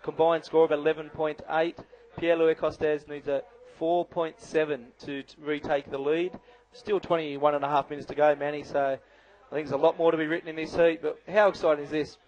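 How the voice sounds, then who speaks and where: A man's voice: fairly high pitch, level tone, fairly quick, a little mellow, lo-fi sound. A man giving live color commentary on a bodyboarding contest, chatty and analytical with lots of "you know".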